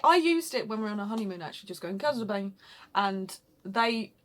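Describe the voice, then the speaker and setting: A woman's voice: medium pitch, animated, fast. A young British woman co-hosting a casual language lesson, self-mocking and laughing often. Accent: British English. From United Kingdom. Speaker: co-host, learner. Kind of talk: casual teaching chat.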